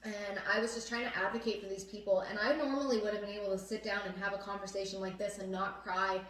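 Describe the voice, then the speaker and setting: A woman's voice: medium pitch, fairly even intonation, quick pace, a bit bright. Earnest young woman, echoey room. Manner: earnest, with many fillers. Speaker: host. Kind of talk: casual chat. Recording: echoey room, mic at a distance.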